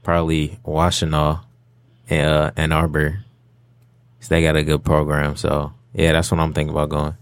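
A teenage boy answering questions in a casual interview, laid-back with short halting answers. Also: extremely low pitch, completely flat delivery, dry recording, studio quality. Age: teens. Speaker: student guest.

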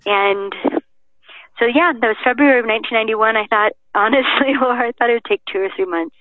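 A woman's voice: fairly high pitch, fast, no echo. A woman guest in an interview, telling stories with energy and acting out the quotes. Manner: lively storyteller, acts out quotes. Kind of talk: interview chat. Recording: dry phone-line sound.

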